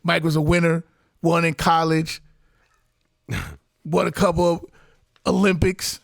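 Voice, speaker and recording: A man with a high voice co-hosts a sports chat, walking through stories and rumors one by one. He sounds close and dry, with no room around him. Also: level tone, measured pace, gravelly, no echo. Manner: storytelling, lays out points for and against, mimics voices. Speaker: podcast co-host. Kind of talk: casual sports banter.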